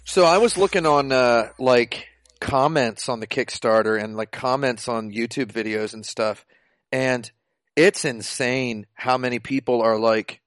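Podcast co-host, man, excitable emphatic ranter, dry video-call sound. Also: medium pitch, a little slow, dry recording. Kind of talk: casual chat.

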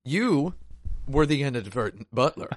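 A man's voice: mid-range voice, moderate pace, fairly bright tone, dry recording, clean studio sound. A man co-hosting a podcast, trading jokes and wry asides in casual conversation. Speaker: podcast co-host. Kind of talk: casual chat.

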